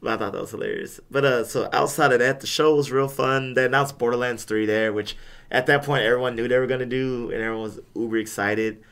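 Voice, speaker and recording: Young man, podcast co-host, casual chat, rambling, repeats words, mid-pitched voice. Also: fairly even intonation, quick pace, a bit bright, clean tone. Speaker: podcast co-host back from a gaming convention.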